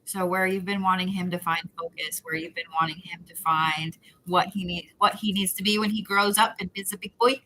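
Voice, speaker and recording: A woman's voice: lowish voice, steady tone, brisk, hardly any pauses, pushed and bright, rough recording. A woman giving intuitive readings to viewers on a live stream, talking in a rambling, repetitive, chatty way. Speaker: psychic reader.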